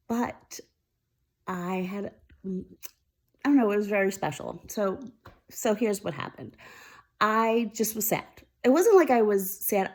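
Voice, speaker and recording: Warm gravelly-voiced woman confiding. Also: mid-range voice. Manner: candid, confiding, speaking openly about feelings. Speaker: host of a weekly mindfulness talk. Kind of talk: casual heartfelt chat to camera.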